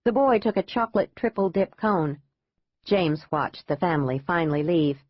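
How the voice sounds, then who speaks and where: Low-voiced woman audiobook narrator. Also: dry recording. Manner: even, measured reading. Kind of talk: scripted narration. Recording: dull dry lo-fi audiobook.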